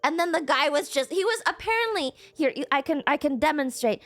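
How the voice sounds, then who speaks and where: High, animated young woman streamer. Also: a little fast. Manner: playful, animated, laughs often. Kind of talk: casual chat with viewers. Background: music.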